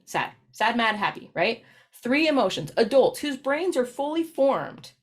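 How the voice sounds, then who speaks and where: Chatty woman presenter telling stories. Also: medium pitch. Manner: chatty, storytelling, frequent "right?" tag questions. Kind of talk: recorded professional presentation.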